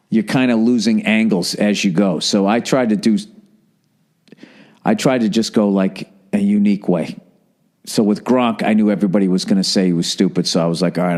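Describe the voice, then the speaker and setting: A man's voice: mid-range voice, a little mellow. A man hosting a podcast, telling a rambling, profane story in a casual, wry monologue. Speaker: podcast host.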